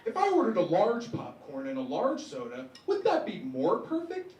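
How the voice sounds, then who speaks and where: Young guy putting on a nitpicky older man customer, slow and fussy, far-off echoey mic. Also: medium pitch, fairly even intonation, a little hiss or hum, voice pushed down, close to an everyday voice. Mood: nitpicking. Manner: fussy, questioning.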